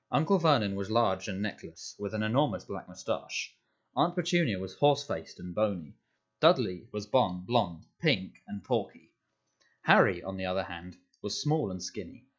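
Low-voiced man narrating a storybook. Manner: measured storytelling. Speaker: audiobook narrator. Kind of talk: scripted narration. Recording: dull lo-fi audio.

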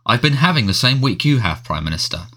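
A man's voice: mid-range voice, very animated, fast, bright, forceful tone. A man reading aloud, voicing a careworn, middle-aged male wizard minister who talks in a weary mutter.

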